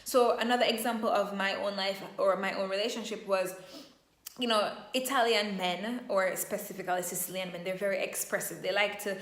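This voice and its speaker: A woman speaks as a self-empowerment coach in a vlog, leaning slowly and emphatically into each affirmation. Her voice sits in a middle range. The room around her rings with noticeable echo. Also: mid-range voice, fairly even intonation, a bit bright. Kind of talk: motivational vlog talk.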